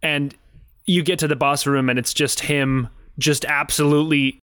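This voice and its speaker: A man with a bright, crisp voice talks through a game in relaxed podcast banter. His delivery is animated and jokey. The sound is close and dry, with no room around it. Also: on the high side, normal speed, dry recording. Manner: joking, animated storytelling. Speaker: podcast co-host. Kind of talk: casual gaming podcast chat.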